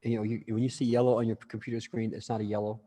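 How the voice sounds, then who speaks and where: A man's voice: fairly low pitch, little pitch movement, fast talker, warm tone, in a large hall. A man teaching a class in a casual, rambling way, full of restarts and asides.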